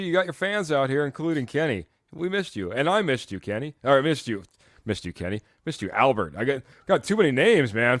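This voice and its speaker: An upbeat male host runs a live fan sports stream, chatting loosely, reading viewer comments aloud and laughing easily. His mid-range voice sounds close and dry, with no echo or room sound.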